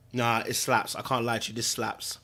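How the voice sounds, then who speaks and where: A man's voice: medium pitch, bright, forceful tone. A man talks in a loose, easygoing ramble, full of slang and restarts. He chats casually as a podcast host, circling back over his own words. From Britain. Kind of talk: casual livestream chat.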